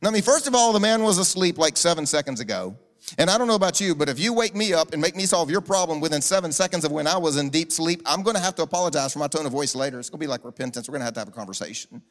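A man's voice: fairly high pitch, lively intonation, very fast. A man delivering a sermon as a pastor, conversational and humorous, with chatty asides and restarts. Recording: echoing large hall, faint music.

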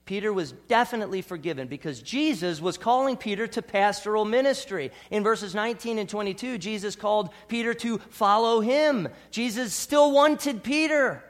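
A man preaching a sermon as pastor, dropping to soft, hushed lines and rising to bold, emphatic ones. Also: sits high, brisk, few pauses. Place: church.

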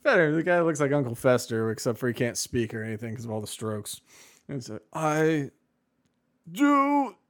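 A man's voice: mid-range voice, fast talker. A man co-hosting a podcast in casual chat, rambling and sarcastic with many fillers. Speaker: podcast co-host.

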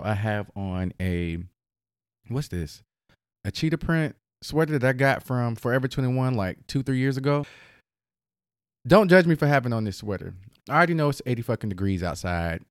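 A man's voice: fairly low pitch, dry recording, clean studio sound. A man from the Southern United States hosting his own podcast from home, talking casually with lots of slang and playful swearing. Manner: chatty, profane, slangy and playful. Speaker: podcast host. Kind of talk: casual solo podcast chat.

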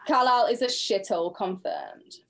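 Brief: Cumbrian woman co-host, blunt and sweary, very lively pitch. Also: normal speed, creaky. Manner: blunt, sweary, laughs a lot. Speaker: podcast co-host. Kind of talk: casual chat.

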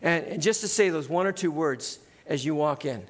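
High-voiced chatty male pastor. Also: lively intonation, moderate pace, long reverb tail. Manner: conversational, keeps adding "right?". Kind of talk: sermon. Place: church sanctuary.

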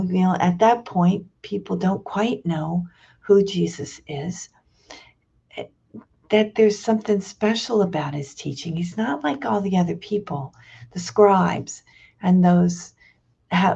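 A woman reads scripture, reflects on it and leads a prayer, slow and thoughtful, with hesitant restarts. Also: medium pitch, vocal fry, warm tone, husky, lo-fi sound. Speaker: prayer leader.

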